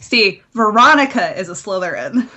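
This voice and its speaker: A woman's voice: mid-range voice, lively intonation, moderate pace, sharp tone. A woman on a podcast panel, firm and opinionated in a casual chat.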